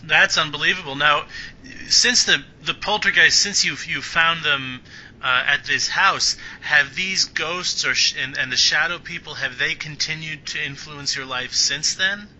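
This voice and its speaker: Bright-voiced male interviewer, lo-fi. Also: a little high. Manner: halting, restarts his questions. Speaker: interviewer host. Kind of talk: interview questions. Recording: dull lo-fi line with faint noise.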